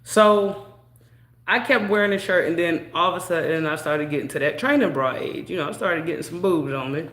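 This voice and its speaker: A young woman casually telling a personal story in a chatty, drawn-out way, peppered with "you know". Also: fairly low pitch, fairly bright tone. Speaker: vlogger. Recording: echoey room.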